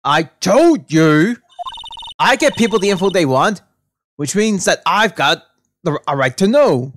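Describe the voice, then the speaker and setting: A woman voicing a pushy female reporter with a Southern US accent, talking loud and brash, with game music behind. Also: fairly low pitch, animated, a little slow, no echo, studio quality. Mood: indignant. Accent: Southern US (attempted).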